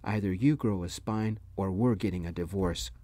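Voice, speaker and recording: Male narrator doing a furious mother walking out on her marriage, low and mellow, shouting, storybook reading. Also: fairly even intonation, moderate pace, no room sound, lightly acted. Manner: shouting, pleading. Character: upset mother leaving her husband, a woman.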